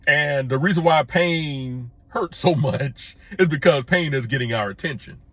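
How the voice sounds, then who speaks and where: A middle-aged man giving an opinion commentary to his viewers, plain-spoken and emphatic, repeating his points and pushing his pitch up when he presses one. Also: measured pace, fairly bright tone, no echo. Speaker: commentary vlogger.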